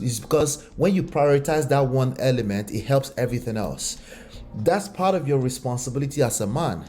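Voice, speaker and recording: A man commenting on a relationship video, animated and full of rhetorical questions. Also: medium pitch. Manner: animated, rhetorical questions, slips into acted voices. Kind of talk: reaction commentary.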